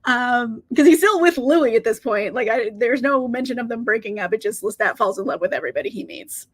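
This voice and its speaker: High-voiced chatty woman streamer. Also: lively intonation, fairly quick. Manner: chatty, laughs often, casual swearing. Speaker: reading live-stream host. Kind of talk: casual chat to live viewers.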